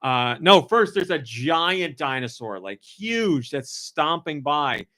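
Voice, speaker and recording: A man on a casual podcast, animatedly telling a story and jumping his voice up high to act out what people said. His voice sits a bit high for a man, recorded close and dry. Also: slow pace, dry recording. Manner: animated storyteller, acts out quotes in a raised voice. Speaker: podcast host.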